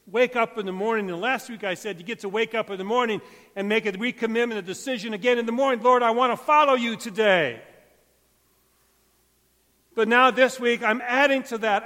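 Male pastor giving a sermon, highish voice, loud then soft, long churchy echo. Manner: emphatic, swings between loud and hushed. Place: church sanctuary. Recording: long church hall reverb.

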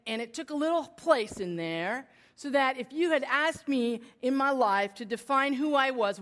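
A woman in her forties telling a self-deprecating personal story to an audience, shifting between lively and hushed. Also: on the high side. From United States. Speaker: speaker addressing an audience.

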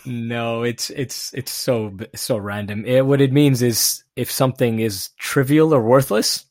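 A man's voice: medium pitch, a little slow, a little mellow, no room sound, clean studio sound. A man guest on a podcast, talking casually in a laid-back way with frequent restarts and light laughs. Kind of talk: casual chat.

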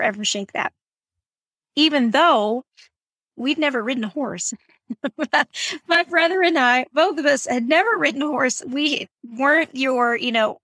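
A woman's voice: on the high side, fairly bright tone, no echo. A middle-aged woman from Texas with a Texan accent, hosting a podcast and telling a story in a friendly, chatty way. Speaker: podcast host. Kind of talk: casual podcast monologue.

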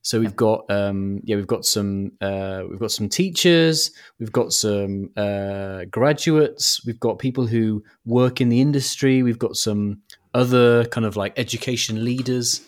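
A man's voice: lowish voice, unhurried. A man co-hosting a podcast, explaining the episode in a loose, rambling way. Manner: rambling, lots of fillers. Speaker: podcast co-host. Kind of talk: casual podcast chat.

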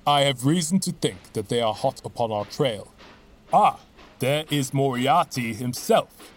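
A man reading an audiobook, voicing a brisk, cool-headed middle-aged detective with a dry, measured manner. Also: mid-range voice, expressive. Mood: urgent.

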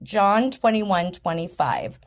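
A middle-aged woman co-hosting a casual podcast, reading verses slowly and telling long jokes. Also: mid-range voice, big pitch swings. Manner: reads verses slowly, tells jokes at length. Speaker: podcast co-host.

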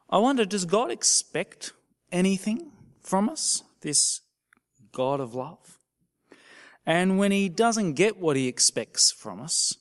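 Male minister giving a sermon, voice jumps up and down a lot, asks the people lots of questions. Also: medium pitch. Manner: animated, questioning the congregation with sudden soft drops.

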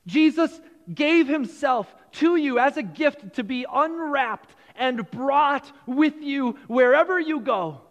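Guy preaching christmas sermon, pretty high voice, chatty, repeats himself, long church echo. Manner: conversational preaching with repeated phrases and restarts. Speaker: pastor. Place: church sanctuary.

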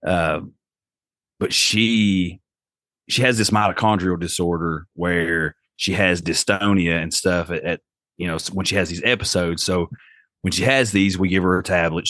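A man's voice: deep voice, fairly even intonation, moderate pace, fairly bright tone, no echo, studio quality. A man, telling a story casually as a podcast guest and acting out the voices he quotes.

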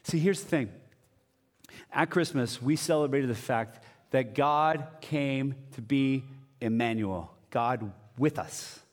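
Animated male pastor preaching in a hall. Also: mid-range voice, takes it slowly. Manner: conversational and animated, with sudden drops to a quiet voice. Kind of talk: sermon.

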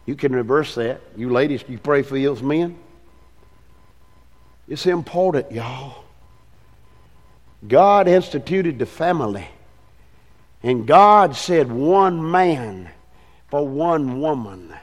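An older man, preaching a fervent sermon as pastor in a church, swinging between hushed and loud passages. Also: mid-range voice, expressive, takes it slowly, pauses often, long reverb tail. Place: church sanctuary.

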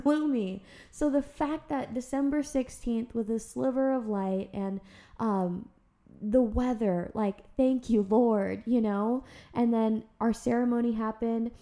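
Animated woman host in a roomy room. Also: on the high side, unhurried. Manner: animated, emotional storytelling. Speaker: podcast host. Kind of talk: casual chat. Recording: roomy echo.

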